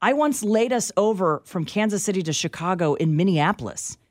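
A woman's voice: on the low side, lively intonation, fairly quick, no echo, clean studio sound. A woman co-hosting a talk radio show, bantering with wry, emphatic remarks and a ready laugh.

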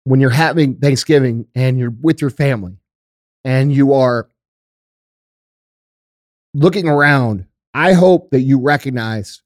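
Young male host, emotional and earnest, average pitch, dry close sound. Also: measured pace, pauses often, no room sound. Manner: passionate, earnest, swears for emphasis. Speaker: show host. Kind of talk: heartfelt monologue to viewers.

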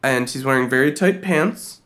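A man co-hosting a podcast, telling a story in an animated, giggly way. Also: mid-range voice, moderate pace. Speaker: podcast co-host. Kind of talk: casual comedic chat.

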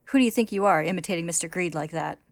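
A woman's voice: on the low side, racing, no echo, natural voice. A woman voicing a frantic, pleading young man who stammers as he begs an old friend to remember him.

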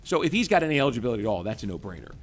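A man co-hosting a sports talk show, arguing his view on players in a lively, opinionated way. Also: medium pitch, soft background music. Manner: lively, opinionated, quick to push back. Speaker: sports radio co-host.

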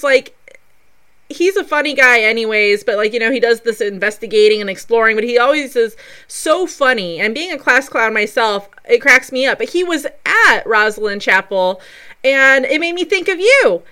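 A woman hosting a podcast, chatty and quick to laugh, using lots of casual fillers. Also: on the high side, animated, bright, forceful tone, clear, resonant tone. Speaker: podcast host. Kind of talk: casual chat.

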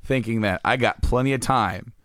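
A man co-hosting a casual podcast, telling a rambling, self-deprecating story with a slightly hoarse voice. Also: medium pitch, normal speed, a bit bright, no room sound, studio quality. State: losing his voice. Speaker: podcast co-host. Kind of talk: casual chat.

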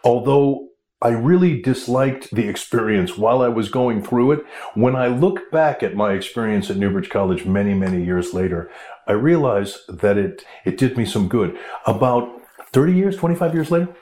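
A middle-aged American man, an actor, telling stories in a casual interview with lively, laughing delivery. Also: mid-range voice, moderate pace. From United States. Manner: animated storyteller, laughs while talking. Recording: roomy echo.

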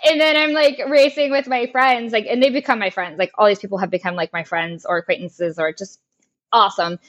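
A woman's voice: medium pitch, fairly even intonation, brisk. A young woman in an interview, talking candidly and with feeling about her racing, laughing often and swearing freely. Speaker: podcast guest, race car driver. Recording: lo-fi muffled audio.

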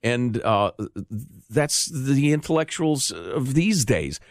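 A man's voice: medium pitch, big pitch swings, takes it slowly, no room sound, studio quality. Sardonic, emphatic male radio host. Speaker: radio talk show host. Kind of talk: casual talk radio banter.

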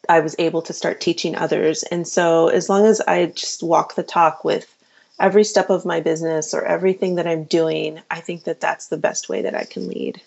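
Gravelly low-voiced woman physician. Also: little pitch movement, normal speed, darkish tone. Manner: earnest, with fillers and restarts. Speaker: physician and podcast host, guest. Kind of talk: casual interview answers. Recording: dull lo-fi sound.

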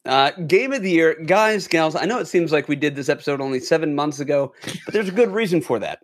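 A man with a slightly higher voice hosts a casual podcast among friends. He talks in a jokey, playful way, riffing as he introduces each guest. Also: lively intonation, fast, dry recording. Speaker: podcast host. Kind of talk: casual chat.

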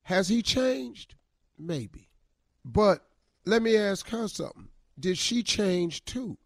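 A male radio host giving comic relationship advice, drawling and emphatic in colloquial speech. His voice sits high and swings widely. The sound is dry and close. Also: big pitch swings, takes it slowly, vocal fry, no echo. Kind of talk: comedic advice talk.

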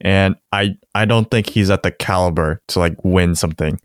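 A man with a deep, smooth voice talks football on a podcast, loose and chatty, often laughing. The sound is close and dry, with no room around it. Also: normal speed, no room sound. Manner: relaxed, chatty, laughs often, says "like" a lot. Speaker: podcast co-host. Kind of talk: casual sports chat.

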